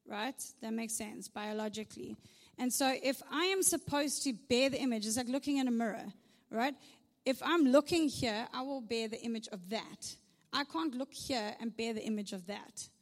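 A woman's voice: fairly high pitch, moderate pace, long reverb tail. A woman preaching a conversational sermon with humorous asides, often checking in with "right?". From South Africa.

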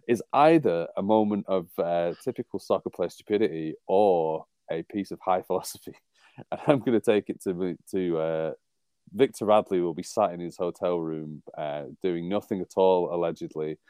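A man's voice: deep voice, moderate pace, dark tone, clear, resonant tone, no room sound. A man from England co-hosting a rugby podcast in casual chat, rambling and wry, often laughing at his own jokes. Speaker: podcast co-host.

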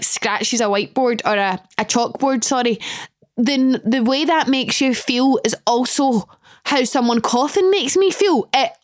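Young Scottish female podcast host, chatty and self-mocking, slightly high pitch, dry mic. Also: no echo. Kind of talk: casual solo chat.

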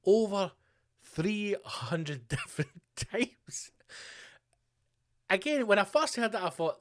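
Scottish guy ranting on his podcast, swears a lot, kinda high voice. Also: lively intonation, slow, long pauses. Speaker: podcast host. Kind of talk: casual solo podcast rant.

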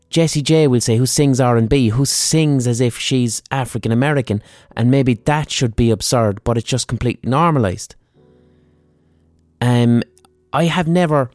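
A man's voice: mid-range voice, darkish tone, no room sound, clean studio sound. A man hosting a podcast, rambling casually about music history and swearing often. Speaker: podcast host.

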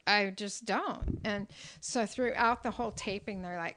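A woman's voice: mid-range voice, a little slow, noisy background. Woman guest, middle-aged, casual chatty storyteller, laughs a lot. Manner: chatty storyteller, laughs often, many fillers. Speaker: guest, restaurant owner and cookbook author. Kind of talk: casual interview chat.

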